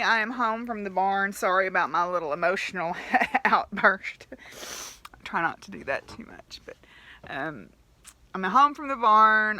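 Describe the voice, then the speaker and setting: Candid woman vlogging. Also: on the low side. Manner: rambling and candid, with soft laughs and many fillers. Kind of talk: casual diary vlog.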